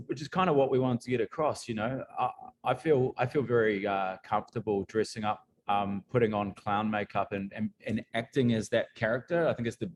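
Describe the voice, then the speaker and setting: A man, a band member guest, talking in halting stops and restarts. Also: fairly low pitch. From New Zealand. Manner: hesitant, many restarts. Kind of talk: casual interview chat.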